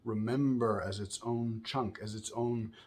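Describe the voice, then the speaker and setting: A man's voice: medium pitch, fairly even intonation, unhurried. A man teaching a music lesson, explaining patiently and often checking in with "right?", singing short examples between explanations.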